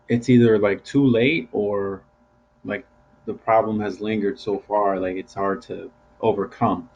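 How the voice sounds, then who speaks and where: Casting: relaxed young man with a low voice, casual co-host, muffled lo-fi video call sound. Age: young adult. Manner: laid-back, casual slang. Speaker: student co-host. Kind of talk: casual chat.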